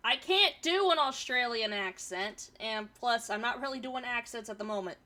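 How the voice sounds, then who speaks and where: Her throat slightly irritated by pollen, a woman streamer reads a forum story aloud and chats about it with casual swearing. Her voice is a little high, expressive, and sharp in tone, at normal speed.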